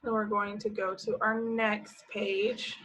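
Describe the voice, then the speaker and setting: Slow, bright-voiced preschool teacher woman. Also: medium pitch, level tone, slightly rough, rough recording. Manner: gentle, encouraging, asks children questions then answers. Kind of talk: slow, patient teaching to young children.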